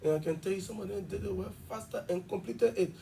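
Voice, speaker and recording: A man's voice: high voice, creaky, warm tone, recorded from a distance, a little hiss or hum. A man, an education official explaining at length in a TV interview. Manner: fast, emphatic explaining with examples. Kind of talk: television interview.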